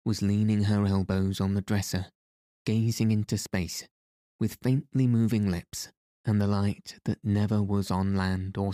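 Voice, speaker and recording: A man narrating a novel as an audiobook in a measured, even reading voice. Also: deep voice, no echo, clean studio sound. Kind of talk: scripted narration.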